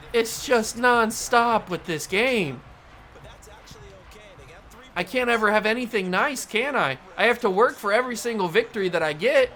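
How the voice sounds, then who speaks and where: A man hosting a gaming channel, commentating his own video game play and yelling in frustration when it goes wrong. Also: high-pitched, big pitch swings, a little slow.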